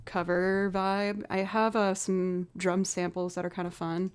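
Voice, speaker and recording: A woman's voice: medium pitch, slow, clean tone. A woman from outside Boston, a musician streaming live, chatting casually with viewers as she works out chords and beats. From outside Boston, USA. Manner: chatty, thinks aloud, talks to viewers. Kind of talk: casual livestream chat while working out music.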